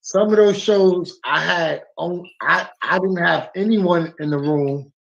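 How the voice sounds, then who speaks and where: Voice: mid-range voice, takes it slowly, creaky. A guest streamer in casual livestream chat, laid-back and agreeable, using slang, heard over a muffled lo-fi call.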